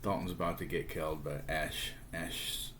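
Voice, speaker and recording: A man's voice: a bass voice, steady tone, moderate pace, bright, forceful tone, a little hiss or hum. A middle-aged man chatting casually, rambling with lots of fillers and restarts as he shows off his purchases. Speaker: comic book collector. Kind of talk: casual show-and-tell vlog.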